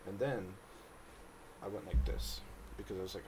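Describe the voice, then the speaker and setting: A man's voice: low voice, fairly even intonation, moderate pace, noisy background. A man talking to the camera in a casual monologue, agitated and repeating himself. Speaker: vlogger.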